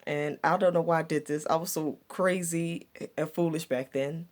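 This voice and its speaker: Low-voiced woman telling a life story. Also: steady tone, normal speed. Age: adult looking back on her younger years. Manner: reflective, repeats herself with stumbling restarts. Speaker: vlogger. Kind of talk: personal storytelling vlog.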